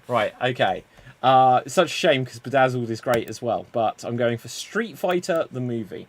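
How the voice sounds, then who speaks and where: A man hosting a live-streamed improv show, explaining games in an upbeat, brisk way. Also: medium pitch, expressive.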